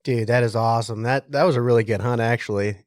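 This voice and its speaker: A man's voice: medium pitch, steady tone, fast, no room sound, studio quality. A male podcast host chatting casually, encouraging and enthusiastic toward his guest. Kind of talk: casual chat.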